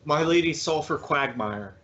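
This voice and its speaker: A man's voice: fairly high pitch, animated, unhurried, bright, forceful tone, muffled recording, pitched below the performer's own voice. A man voicing a devoted male adventurer who speaks earnestly and stammers when he pleads. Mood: reverent.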